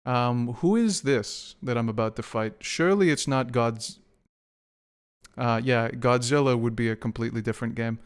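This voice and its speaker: A man's voice: medium pitch, normal speed, clean tone. A young man streaming a game, rambling profanely and joking with his chat. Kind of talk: casual gameplay stream chat.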